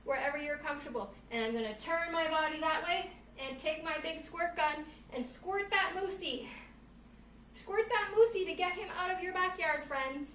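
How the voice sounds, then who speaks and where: A woman's voice: high-pitched, normal speed, fairly bright tone, distant mic. A woman who teaches yoga to children, cheerfully reading a storybook and leading a class, often calling the listeners friends. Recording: roomy echo, faint noise.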